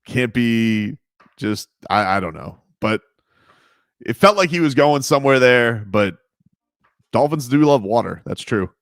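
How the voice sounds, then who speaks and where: A man's voice: mid-range voice, lively intonation, fairly bright tone, dry recording, studio quality. A man co-hosting a sports radio show, bantering casually with jokey asides. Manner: jokey, riffing, quick asides.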